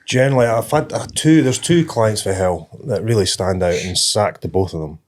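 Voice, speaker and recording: A man with a low voice talks in a casual podcast chat. He stays calm and measured and speaks plainly, giving advice from experience. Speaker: podcast co-host.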